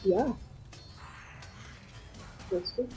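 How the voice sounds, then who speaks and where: A woman playing a tabletop game, chatting playfully and quick to question the rules. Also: medium pitch, mellow, a little hiss or hum. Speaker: player. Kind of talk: casual tabletop game chat.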